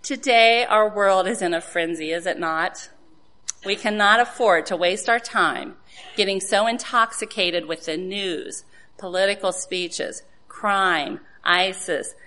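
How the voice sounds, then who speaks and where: A woman's voice: mid-range voice, measured pace, bright, forceful tone, a little hiss or hum. A woman giving an earnest sermon to other women, asking rhetorical questions and citing scripture. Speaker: women's devotional speaker.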